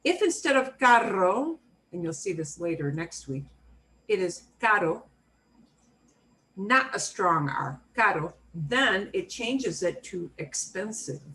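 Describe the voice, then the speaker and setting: A woman teaching a beginner Spanish class, modeling words slowly and repeating them for students. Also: fairly low pitch, sing-song, a bit bright, a little hiss or hum, low-quality recording. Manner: slow, clearly modeled pronunciation with repetition drills.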